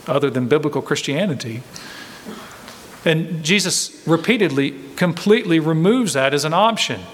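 A man with a slightly high voice preaches an earnest sermon, leaning on his main points again and again. His words ring out in a church sanctuary with a long, echoing reverb. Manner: earnest, emphatic, repeats key points. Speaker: pastor. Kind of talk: expository sermon.

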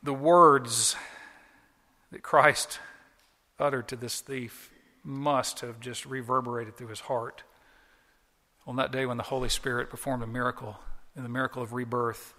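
A man delivers an earnest, emphatic sermon from the pulpit. His voice is bright and forceful, and it carries a long church hall reverb. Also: mid-range voice, level tone, unhurried. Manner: earnest, emphatic preaching with repetitions. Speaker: pastor.

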